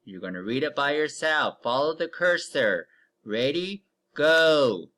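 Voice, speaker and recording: A man teaching young children to read in a recorded online lesson, stretching out each word slowly and giving patient step-by-step cues. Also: medium pitch, big pitch swings, pushed and bright. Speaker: elementary reading teacher.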